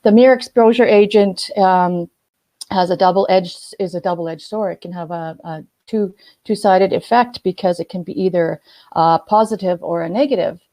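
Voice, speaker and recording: A woman on a casual live stream giving business tips to viewers, halting often with ums and restarts while glancing at notes. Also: fairly low pitch, warm tone, dry recording. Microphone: phone or webcam, looking at notes.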